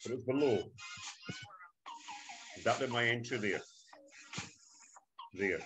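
A man teaching a trading setup on screen, talking like a hyped salesman who keeps calling out to "ladies and gentlemen". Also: mid-range voice, slow pace, lo-fi sound. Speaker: trading instructor. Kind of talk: screen-share trading walkthrough. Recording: music bed behind voice.

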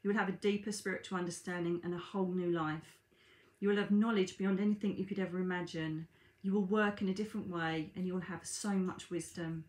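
A woman's voice: fairly low pitch, fairly even intonation, a little fast, darkish tone, lightly acted. Woman voicing a dead father's earnest spirit. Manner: earnest, urgent pleading. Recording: echoey room.

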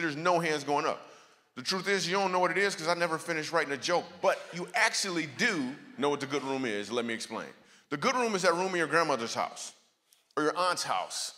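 Bright-voiced man preaching with jokes. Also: medium pitch, slight background noise. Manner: storytelling with jokes, lively asides to the crowd. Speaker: guest speaker. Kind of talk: comedic sermon. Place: church auditorium. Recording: church hall reverb.

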